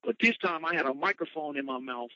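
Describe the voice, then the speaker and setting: A man's voice: a little high, quick pace, bright, forceful tone, dry recording. A man, a motivational speaker, telling his personal story with emphatic, dramatic retelling. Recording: dull lo-fi, dry sound.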